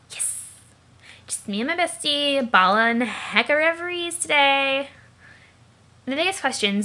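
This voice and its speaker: A woman voicing a tipsy, bubbly teenage girl who talks loud, slangy and rambling, with plenty of swearing. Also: a little high.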